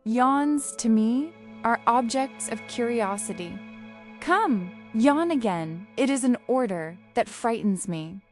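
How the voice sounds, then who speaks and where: A woman's voice: fairly high pitch, animated, slow, faint music behind. A woman voicing a pompous male king who gives everyone orders in a stately, commanding manner, yet remains kindly.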